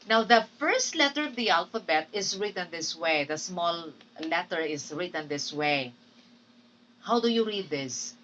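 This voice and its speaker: A woman with a Filipino accent gives a slow, patient phonetics lesson, pausing to drill example words and ask "Okay?". Her voice is bright and lowish in pitch, and it is picked up from a little way off the mic. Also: far from the mic, a little hiss or hum, rough recording. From Philippines. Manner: drills words and repeats "Okay?" to check understanding. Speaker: English teacher. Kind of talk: recorded phonetics lecture.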